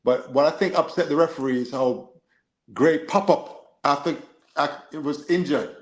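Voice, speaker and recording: A man co-hosting a football live stream, reading and answering chat in an animated, joking way. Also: a little high, moderate pace, echoey room. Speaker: livestream co-host.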